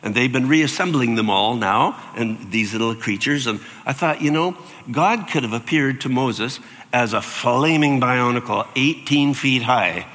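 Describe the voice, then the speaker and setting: An older man preaching a sermon as pastor, animated and acting out voices with sudden jumps in pitch. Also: measured pace, big-room sound.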